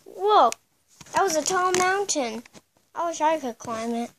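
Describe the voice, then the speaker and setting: A woman's voice: sits high, lively intonation, unhurried, a bit bright, a little hiss or hum, heavily acted. A woman voicing a cheerful little male pet friend in a raised, eager voice. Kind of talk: toy play-acting.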